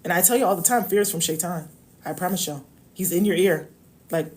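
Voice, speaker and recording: A woman's voice: lowish voice, a little fast, darkish tone. Emphatic woman on a live stream. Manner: emphatic, preachy, addresses viewers as y'all. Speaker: love coach. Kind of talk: casual live-stream talk.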